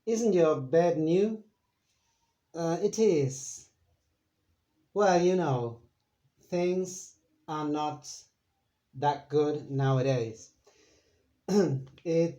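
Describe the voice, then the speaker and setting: A man with an Argentine accent teaching a Spanish lesson in English, explaining step by step with many pauses and fillers. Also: on the high side, dark tone, dull audio. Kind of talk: slow bilingual language lesson.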